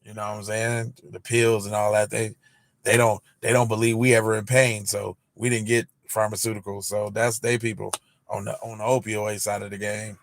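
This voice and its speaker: A man hosting an early-morning podcast livestream, talking in a slangy, teasing, animated way with many fillers. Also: fairly low pitch, normal speed, creaky, no echo. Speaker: podcast host.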